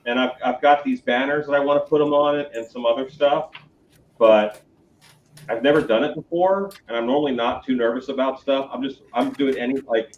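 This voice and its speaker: Man, halting casual talk, distant roomy mic, dull lo-fi sound. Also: medium pitch, slight background noise. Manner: hesitant, halting. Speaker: guest on a live stream. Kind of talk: casual chat.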